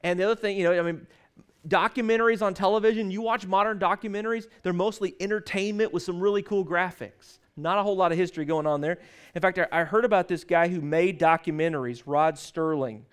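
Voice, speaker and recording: A man preaching a sermon, stressing scripture lines slowly and leading the congregation to repeat after him. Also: high-pitched, fairly even intonation, clean tone. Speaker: pastor.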